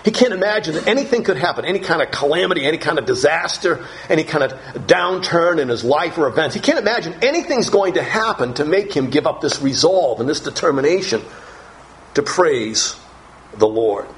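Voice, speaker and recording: Emphatic man preaching a lively sermon. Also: fairly quick, a little hiss or hum, rough recording. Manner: emphatic, rising pitch on key phrases. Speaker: pastor.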